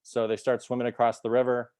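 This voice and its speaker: A man's voice: medium pitch, completely flat delivery, fast talker, darkish tone, no room sound, studio quality. A man giving a casual sales training talk over a video call, rambling with many fillers. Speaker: sales team presenter.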